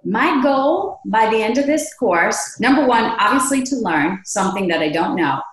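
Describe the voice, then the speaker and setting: A woman being interviewed as a podcast guest, telling stories in a lively way and acting out the dialogue she quotes. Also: a little high, moderate pace, a little hiss or hum. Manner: animated, acts out quoted dialogue. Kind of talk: conversational storytelling. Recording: echoey room.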